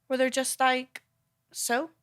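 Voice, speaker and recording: A young woman, a dancer appearing as a podcast guest, chatting casually and telling her stories in an animated way. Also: high voice, moderate pace. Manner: animated storytelling. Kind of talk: casual chat.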